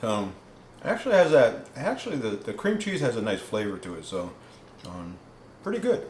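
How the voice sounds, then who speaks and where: A man's voice: on the low side, very animated, moderate pace, a little mellow, echoey room, slight background noise. A man hosting a casual cooking vlog, rambling with many ums and restarts, sometimes talking while tasting food. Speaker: keto cooking vlogger.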